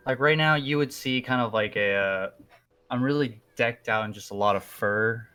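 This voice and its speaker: A man's voice: medium pitch, moderate pace, pushed and bright, clear, resonant tone, soft background music. A man in a tabletop game describing his character in a rambling, easygoing way. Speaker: player. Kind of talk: casual chat.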